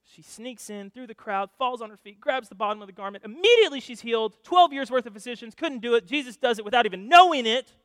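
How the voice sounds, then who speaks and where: A male pastor preaching a sermon, telling stories with animated shifts between loud and hushed delivery. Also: extremely high pitch, fast talker, few pauses, no room sound, studio quality, big-room sound.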